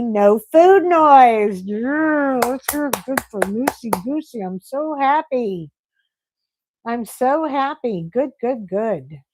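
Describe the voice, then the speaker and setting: A middle-aged woman hosting a casual live stream, chatting and reading viewer comments aloud in an animated way. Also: fairly high pitch, no echo, rough recording. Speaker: livestream host.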